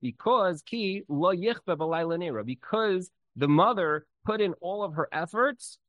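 A man with a high voice teaches an informal Torah class at an unhurried pace, talking loosely and telling stories with energy. His speech is conversational and full of fillers, especially "like." The lo-fi recording has no room sound.

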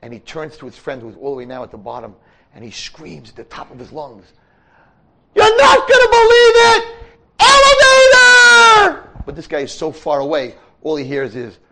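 An older man, a rabbi and teacher, giving a storytelling sermon in a yeshiva study hall, animated and breaking into shouts. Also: medium pitch, fairly quick, creaky, husky.

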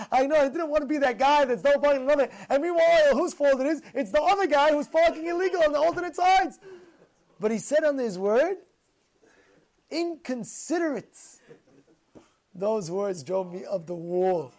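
A man giving a casual storytelling sermon as a Torah teacher, animated and repeating phrases for emphasis. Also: very high voice, quick pace.

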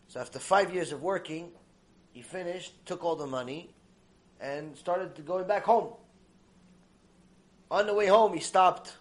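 A man giving a religious lecture, telling stories in an animated, emphatic way. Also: on the high side. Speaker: religious teacher. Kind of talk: recorded Torah lecture with storytelling.

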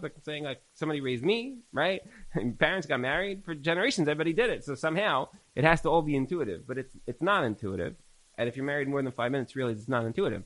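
Animated man teaching a Torah class. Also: medium pitch, rough recording. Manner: animated storyteller, repeats phrases for emphasis. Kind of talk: recorded religious class lecture.

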